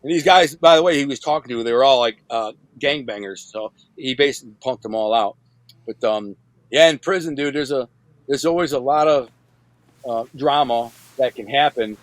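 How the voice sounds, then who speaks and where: A middle-aged man from Michigan, United States, appears as a podcast guest and tells a story in casual, slangy speech, acting out what people said. His mid-range voice moves at normal speed, with no echo.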